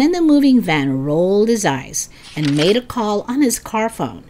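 A woman storyteller reads a children's chapter book aloud. Her pitch sits in the middle but swings widely and expressively. She jumps up high and excited whenever the kids speak. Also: measured pace, hardly any pauses. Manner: lively reading, high excited voices for the kids' lines.

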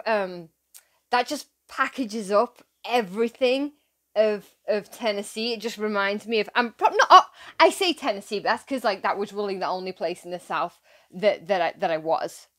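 A woman's voice: mid-range voice, a bit bright. A young woman from England hosting a reaction video, chatting casually in a giggly, gushing, rambling way.

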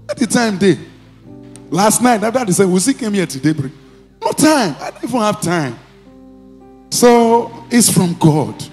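Nigerian pastor, higher-pitched man. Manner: commanding, repeats short phrases, breaks into shouting. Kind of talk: sermon and deliverance prayer. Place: church.

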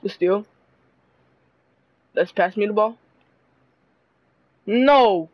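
A young man giving excitable, laughing, profane commentary while playing a basketball video game, on a dull lo-fi mic. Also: high-pitched, extremely slow, dry recording. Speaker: gamer. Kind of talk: live gameplay commentary. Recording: dull lo-fi dry mic audio.

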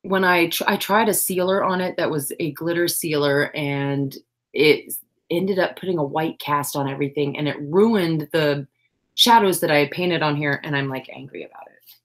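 A woman's voice: low-pitched, moderate pace. A woman, hosting a crafting livestream from her home craft room, chatting casually and self-deprecatingly while reading the chat aloud.

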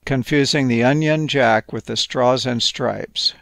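A man gently narrating a playful, whimsical bedtime story. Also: mid-range voice, unhurried, vocal fry, no room sound.

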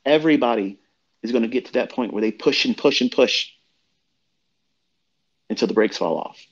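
A man's voice: medium pitch, moderate pace, slightly rough. Blunt, profane man ranting on a lo-fi stream. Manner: blunt, profane, lecturing, voice jumps up when worked up. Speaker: trading mentor. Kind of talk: profane motivational rant on a live audio chat.

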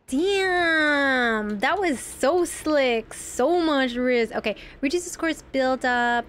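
A woman's voice: high-pitched, lively intonation, extremely slow, fairly bright tone. A young woman streaming a video game from home, chatting casually and giggling while she rambles and reads her chat aloud.

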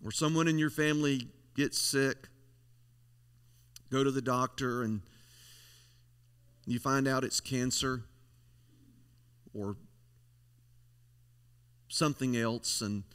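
A man's voice: mid-range voice, takes it slowly, pauses often, fairly bright tone, clean tone. A male pastor preaching a folksy, emphatic sermon, leaning on repeated phrases. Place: church sanctuary. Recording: long church hall reverb.

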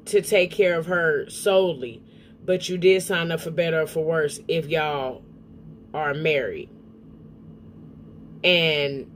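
A woman giving blunt, profane reaction commentary on a clip, with a mellow tone. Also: on the low side, a little hiss or hum.

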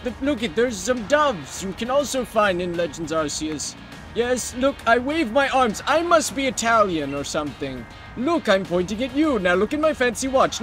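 A man voicing a self-important businessman who narrates in boastful, halting broken English. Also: extremely high pitch, fairly bright tone, full character voice.

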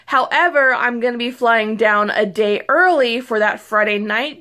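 A young woman talks casually to her viewers from home, her voice sitting a little high. She rambles excitedly, restarting sentences and filling gaps with ums and likes. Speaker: beauty vlogger. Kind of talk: casual chat to camera. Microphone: phone or camera mic.

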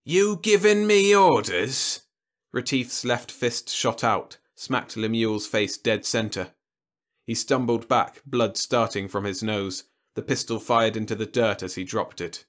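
A man reading a science fiction story aloud in lively, animated storytelling narration. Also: on the low side, unhurried. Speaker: audiobook narrator.

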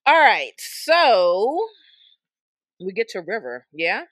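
A woman from California co-hosting a book podcast in casual chat, animated and acting out quoted voices. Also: mid-range voice, slow pace, no room sound. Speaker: podcast co-host.

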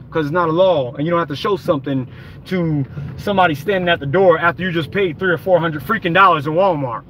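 A man's voice: fairly high pitch, fairly quick, fairly bright tone, a little hiss or hum. A man giving an angry, profane, rambling rant while driving, recorded on a phone in his car. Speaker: vlogger. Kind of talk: ranting vlog while driving.

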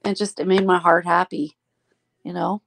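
A woman's voice: fairly low pitch, little pitch movement, moderate pace, creaky, a bit bright. A woman hosting a casual live stream, chatting affectionately with friends and laughing often.

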